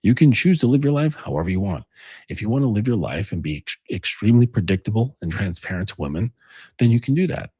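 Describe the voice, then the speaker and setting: A man's voice: fairly low pitch, sing-song, fast talker, mellow, husky, no echo. A man coaching on dating in a rambling, casual monologue, full of fillers and acted-out quotes. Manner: rambling, filler-heavy, acts out quoted lines.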